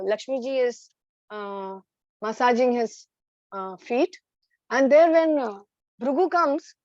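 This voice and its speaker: A woman's voice: a little high, a little mellow, no echo, muffled recording. A woman teacher telling a story to children in an online class, hesitant with many fillers.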